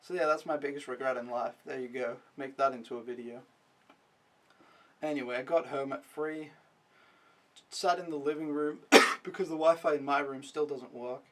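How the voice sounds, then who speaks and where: A man's voice: medium pitch, fairly even intonation, moderate pace, fairly bright tone, recorded from a distance. Young man, casual vlog recap, rambling, self-mocking, swears, a bit off-mic. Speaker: vlogger.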